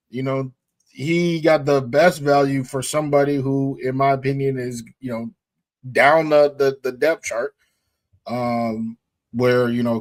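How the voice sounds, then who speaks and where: A man co-hosting a casual sports podcast, animated and slangy, laughing often. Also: medium pitch. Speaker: co-host. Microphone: streamed podcast mic.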